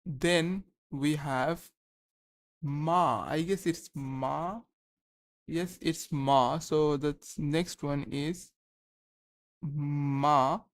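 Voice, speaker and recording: A young man on a live study stream, thinking aloud and slowly sounding out syllables, pausing to check himself. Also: on the high side, steady tone. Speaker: language learner streaming study session.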